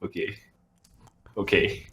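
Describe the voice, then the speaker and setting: A man's voice: slow, fairly bright tone. A man co-hosting a casual podcast while drawing, joking around and swearing casually. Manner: jokey, swears casually, laughs often. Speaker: podcast co-host.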